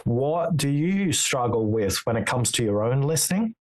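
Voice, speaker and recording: A man being interviewed as a guest, speaking in a measured, explanatory way and telling stories with quoted dialogue. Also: medium pitch, very animated, darkish tone, poor audio. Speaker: podcast guest, author on listening. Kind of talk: interview conversation.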